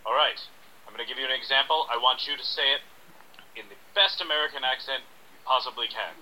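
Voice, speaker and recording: Brief: man as a slick, lecturing acting teacher, very bright, sharp voice. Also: mid-range voice, poor audio. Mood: smug. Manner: smug, lecturing, drawn-out emphasis. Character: pompous scamming male acting coach. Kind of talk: improvised radio sketch.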